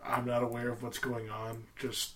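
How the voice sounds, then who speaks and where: A man speaking bluntly on a podcast, plain and matter-of-fact. His pitch is ordinary for a man. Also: completely flat delivery, normal speed, a bit bright, a little hiss or hum. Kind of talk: casual podcast chat.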